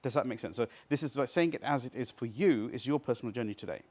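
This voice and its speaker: Speaking fast in a mid-range voice with a darkish tone, a man runs a live workshop in a seminar room. As the trainer, he keeps the small group involved and keeps checking that they're following along.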